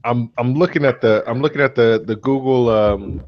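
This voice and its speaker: Brief: matter-of-fact male caller, mid-pitched, lo-fi call audio. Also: normal speed. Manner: dry, matter-of-fact, teasing. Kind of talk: casual group call chat.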